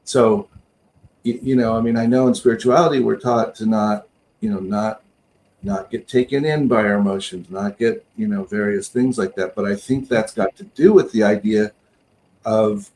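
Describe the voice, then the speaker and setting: A man's voice: fairly low pitch, normal speed, darkish tone, a little hiss or hum. A man co-hosting a spiritual talk show, speaking in a reflective way and searching for his words. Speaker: co-host minister.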